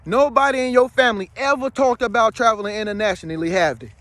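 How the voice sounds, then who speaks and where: A man's voice: high-pitched, quick pace, a bit bright, dry recording. A man speaking to viewers in a casual, rambling monologue. He is emphatic and slangy, and keeps checking in with his listener. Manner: slangy, streetwise. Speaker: spiritual vlogger.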